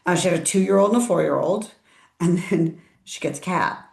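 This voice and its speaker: A middle-aged woman hosting an interview, telling stories in a lively, chatty way and acting out what people said. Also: moderate pace, vocal fry. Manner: animated storyteller, acts out quotes with big pitch swings. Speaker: interview host, IVF parent. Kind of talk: casual interview chat. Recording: roomy echo.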